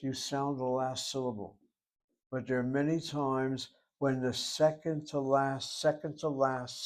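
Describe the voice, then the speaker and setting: A man teaching a grammar class at a middle pitch. He moves through each rule step by step and repeats the key terms so they stick. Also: darkish tone. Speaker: Hebrew teacher. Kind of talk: grammar lesson.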